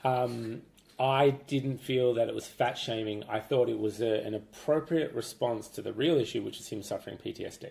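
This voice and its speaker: A gravelly man giving his take on a film in a measured, thoughtful way. His mid-pitched voice has a noticeable fry at the ends of phrases. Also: darkish tone, roomy sound. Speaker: podcast co-host. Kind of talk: casual film review chat.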